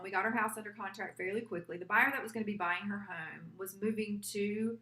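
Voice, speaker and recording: A woman's voice: medium pitch, sharp tone, echoey room. A real estate agent, a woman, telling an earnest personal story, a little teary at times. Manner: heartfelt, earnest, quotes her client aloud.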